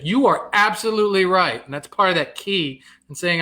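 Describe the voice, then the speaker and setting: A man's voice: fairly high pitch, bright, forceful tone. A middle-aged man, a comedian, chatting casually on a live stream, reading viewer comments aloud, answering them and laughing at himself. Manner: self-deprecating, quick to laugh.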